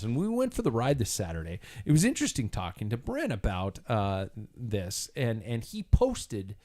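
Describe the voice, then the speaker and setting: A man's voice: mid-range voice, wildly swooping pitch, moderate pace, few pauses, darkish tone. A man hosting a live podcast in a bar, chatting casually, rambling and swearing freely. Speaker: podcast host.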